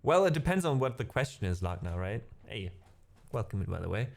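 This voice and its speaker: A man's voice: lowish voice, sing-song, a little fast, creaky. A middle-aged man with a German accent, a musician chatting casually with his stream viewers, rambling with lots of fillers. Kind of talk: casual chat with live chat.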